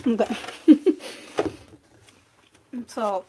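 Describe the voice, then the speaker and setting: A woman hosts a live crafting tutorial, chatting to viewers as she works. Her voice sits a little high and she talks slowly and easily. Steady background noise runs under the recording. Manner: chatty and relaxed, talks while working. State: a bit out of breath. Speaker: craft channel host.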